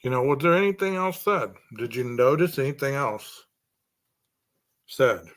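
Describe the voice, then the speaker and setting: A man's voice: mid-range voice, lively intonation, measured pace. A man hosting a true crime podcast, speculating aloud through a string of rhetorical questions.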